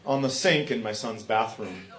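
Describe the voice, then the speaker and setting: A man doing stand-up comedy, telling family stories in a deadpan way that breaks into sung and shouted bits. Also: fairly low pitch, moderate pace, crowd noise. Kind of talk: stand-up storytelling.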